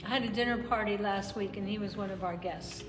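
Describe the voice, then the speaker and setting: A woman's voice: medium pitch, brisk, music in the background. A woman hosting a casual chat show, effusive and affectionate in how she talks. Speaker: host. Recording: echoey hall with background noise.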